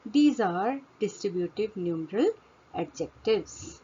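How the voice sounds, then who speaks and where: A woman walks through grammar rules at an unhurried pace, her voice slightly husky. She asks a question and answers it herself, repeating the key word to drive it home. The recording is dull and lo-fi. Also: medium pitch, lively intonation, warm tone. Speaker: English teacher. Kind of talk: grammar lesson.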